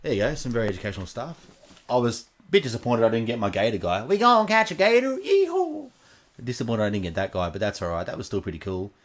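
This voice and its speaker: Brief: Australian man, lowish voice, casual rambling reaction host, hesitant with ums. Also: racing. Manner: rambling, lots of ums and restarts.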